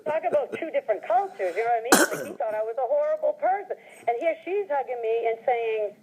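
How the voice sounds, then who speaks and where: A woman's voice: high-pitched, expressive, quick pace, hardly any pauses, slightly rough, phone-quality sound. A middle-aged woman telling casual anecdotes in a chatty way, often laughing and quoting people. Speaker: storyteller.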